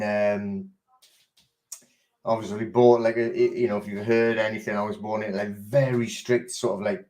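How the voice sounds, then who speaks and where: A man's voice: fairly low pitch, darkish tone. A middle-aged man from England hosting a live online chat, greeting viewers by name and telling stories in a loose, rambling way with many fillers and restarts. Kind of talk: casual live-stream chat.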